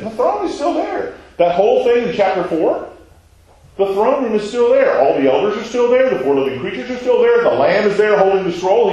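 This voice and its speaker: A man with a slightly high, a little mellow voice teaches a Bible class conversationally, posing questions and answering them himself. The room is very echoey.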